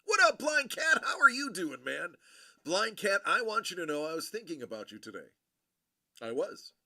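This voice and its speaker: A man hosting a livestream, chatting casually with viewers in a rambling, friendly way full of fillers and shout-outs. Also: fairly high pitch, big pitch swings, normal speed. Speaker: livestream host.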